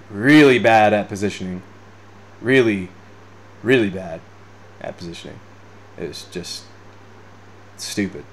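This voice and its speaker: A man in his twenties hosts an unscripted podcast and reacts to chat comments as he goes. His voice sits at an ordinary middle pitch. He rambles, swears freely and breaks into laughter often. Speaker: podcast host. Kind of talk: unscripted casual chat reading live comments.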